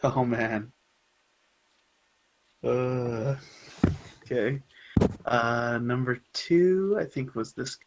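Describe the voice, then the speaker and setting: A man running a tabletop role-playing game as game master, explaining rules in a relaxed way and laughing easily. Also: mid-range voice, extremely slow, pauses often, noisy background.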